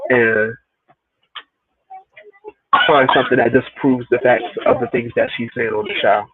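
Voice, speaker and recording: A man's voice: mid-range voice, steady tone, unhurried. A man co-hosting a show review, giving his opinions in casual chat and repeating points for emphasis. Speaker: podcast co-host. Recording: tinny phone-like line with faint hiss.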